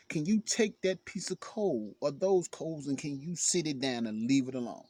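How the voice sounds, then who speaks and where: A man's voice: a little high, expressive, normal speed, hardly any pauses, warm tone, dry recording. A man giving an earnest, emphatic self-help talk, repeating phrases for emphasis. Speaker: motivational speaker. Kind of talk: self-help video monologue.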